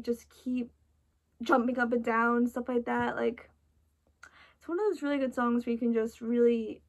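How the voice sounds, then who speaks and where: A woman's voice: fairly high pitch, gravelly. A woman chatting in a casual, rambling way, full of restarts and "like", sounding tired and emotional. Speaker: vlogger reacting to an album.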